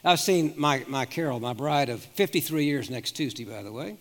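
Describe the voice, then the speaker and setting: A man's voice: medium pitch, animated, normal speed, fairly bright tone, slight background noise. Older man preaching in an echoing hall. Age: 70s. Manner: earnest storytelling with frequent restarts. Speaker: pastor. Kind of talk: sermon with personal stories. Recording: long reverb of a large hall.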